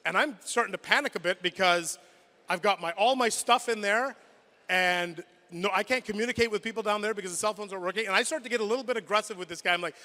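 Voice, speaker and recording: A man with a high, bright voice tells a personal story in an acceptance speech. He builds the drama, restarts quickly and repeats words. His voice rings out through the long reverb of a big indoor hall, picked up by a podium mic. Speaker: sports broadcaster giving a hall of fame acceptance speech. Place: large indoor event hall.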